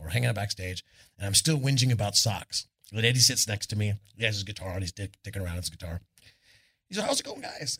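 A guest musician with a lowish, slightly rough voice shares loose, profane road stories live on an indoor arts club stage, talking into a stage microphone and leaning heavily on "I'm all."

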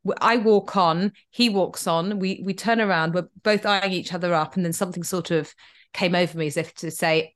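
A middle-aged woman with a lowish voice talks at a normal speed while co-hosting a podcast. It's casual chat, and she tells a story animatedly, voicing the quotes.

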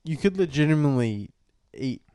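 A man's voice: fairly high pitch, expressive, moderate pace, dark tone, clear, resonant tone, dry recording. A young man co-hosting a podcast, reading out jokes in laid-back, sweary casual banter. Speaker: podcast co-host.

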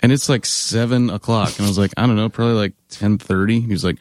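A man's voice: on the low side, steady tone, quick pace. A man in his thirties, a band member, telling stories in casual chat, laughing often and acting out other people's lines. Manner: laughs often, acts out quoted people in a raised voice.

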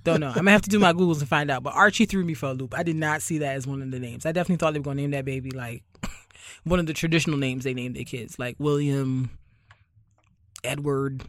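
A man's voice: a little high, fast talker, dry recording, studio quality. A young man from Barbados hosting a podcast in casual chat, sardonic and rambling, leaning heavily on fillers. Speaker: podcast host.

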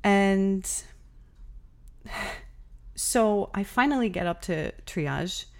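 A woman's voice: medium pitch, expressive, very slow, gravelly. A young woman hosting a podcast, candidly telling a personal story in a casual, exasperated way, with many fillers. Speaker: podcast host.

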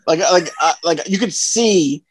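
A man's voice: a little high, measured pace, breathy edge. A man co-hosting a podcast, joking and laughing through a casual drinking game. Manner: loud, laughing, joking banter. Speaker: podcast co-host.

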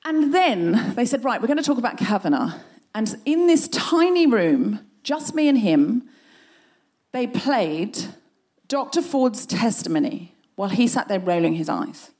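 Female host, live comic storytelling; animated and acts out the quoted voices. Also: fairly high pitch, slow pace. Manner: animated anecdote, acting out quoted voices, laughing through. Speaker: podcast host. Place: live show on a stage.

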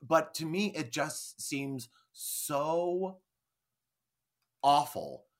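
A man's voice: fairly high pitch, extremely slow. Rambling, swearing male podcast co-host. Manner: rambling, swears freely, acts out quotes. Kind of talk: casual film discussion.

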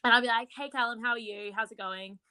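Bright, giggly Australian woman. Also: fairly high pitch, smooth, no room sound. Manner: giggly, animated, quick to laugh. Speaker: podcast co-host. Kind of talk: casual chat.

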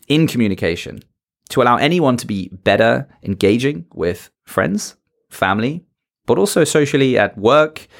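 A man's voice: medium pitch, very animated, moderate pace, vocal fry. A man as a podcast guest and public speaker, animatedly giving advice and shifting his tone and pace to make his points. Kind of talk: motivational talk in a conversation.

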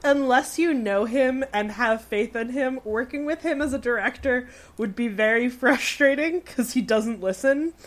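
A woman with a slightly high voice argues her views in a casual podcast chat. She speaks emphatically and firmly, with an opinionated edge. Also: moderate pace, hardly any pauses. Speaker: podcast co-host.

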